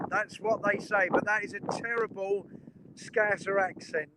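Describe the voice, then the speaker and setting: A man's voice: high-pitched, fairly even intonation, normal speed, heavy background noise. A man streaming live from beside a railway line outdoors, chatting enthusiastically with his viewers. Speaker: train spotting live streamer. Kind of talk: casual live-stream commentary.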